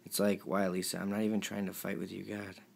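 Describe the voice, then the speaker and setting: A young man reading out a string of text messages, pleading and emotional, his voice sometimes dropping low and quiet. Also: completely flat delivery, fast, vocal fry. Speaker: vlogger.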